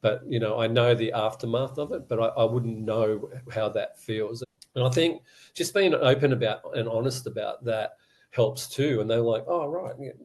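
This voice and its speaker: A man's voice: medium pitch, normal speed, a little mellow. A middle-aged man, a guest in an interview, speaking candidly and casually and laughing now and then. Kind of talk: conversational interview.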